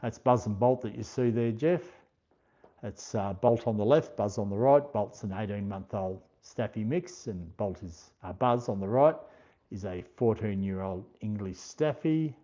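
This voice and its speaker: Over dull, lo-fi stream audio, a mellow, lowish-voiced Australian man runs a laid-back livestream. He chats slowly and without hurry, reading viewer comments and naming each viewer as he thanks them.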